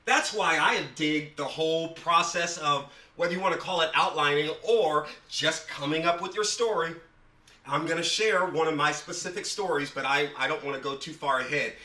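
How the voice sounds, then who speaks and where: A man's voice: on the high side, normal speed, bright, forceful tone, distant mic. A man teaching a casual writing class, emphatic and fond of repeating words for stress. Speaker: writing instructor. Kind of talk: casual online class talk. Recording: echoey room, voice a bit off-mic.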